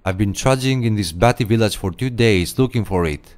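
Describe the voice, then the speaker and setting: A man's voice: on the low side, brisk, natural voice. A man voicing a grumpy squash farmer in a video game, blunt and impatient. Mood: annoyed. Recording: game audio over loud music.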